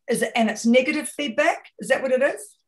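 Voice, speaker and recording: A woman's voice: high-pitched, a little fast. Kiwi lady on a webinar call, emphatic, keeps repeating her point, asks the audience questions. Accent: New Zealand. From New Zealand. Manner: emphatic, repeats key phrases, rhetorical questions. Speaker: guest speaker, communication consultant. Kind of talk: webinar talk.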